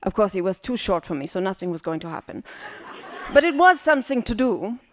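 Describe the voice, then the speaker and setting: A woman from West Berlin performing a personal story live, in an animated, vivid and playful way. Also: mid-range voice, a little fast. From West Berlin, Germany.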